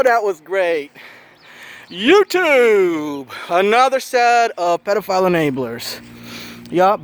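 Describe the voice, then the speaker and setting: Winded male street vlogger: high, expressive voice, jeering confrontational tone. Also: smooth. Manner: taunting, confrontational. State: out of breath. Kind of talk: filming himself, live commentary.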